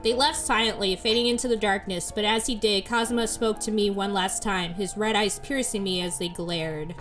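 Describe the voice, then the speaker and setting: A woman's voice: medium pitch, steady tone, moderate pace, music in the background. A woman playfully reading a visual novel aloud as a let's play host, often breaking into giggles. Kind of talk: narrating a visual novel, casual chat.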